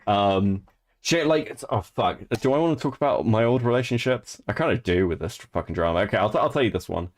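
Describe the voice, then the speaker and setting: A man in his thirties with a slightly low voice gives loose, foul-mouthed commentary on internet drama from a home streaming setup. He is blunt and laughs easily, and he reads people's messages aloud in a mocking tone. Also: expressive, brisk. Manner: profane, blunt, laughs often. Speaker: streamer and co-host. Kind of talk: casual commentary on online drama.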